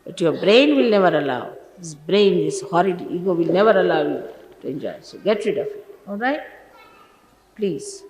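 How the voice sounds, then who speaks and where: This old archival recording, with its long reverb and faint hiss, captures a spiritual teacher sternly admonishing her followers in a sermon. She speaks at a moderate pace in a fairly low, expressive voice with a darkish tone, scolding with emphasis.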